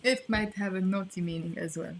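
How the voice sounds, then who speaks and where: A woman's voice: medium pitch, fairly quick, heavy background noise. A woman teaching a language lesson online, explaining in a playful, chatty way with asides.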